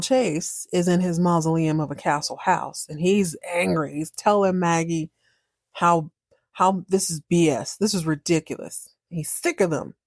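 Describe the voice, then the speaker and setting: Woman podcast host, lowish voice, sassy and chatty, dry close mic. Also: no room sound. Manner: sassy, animated, folksy storytelling with wry asides. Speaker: podcast host recapping a TV series. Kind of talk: casual recap monologue.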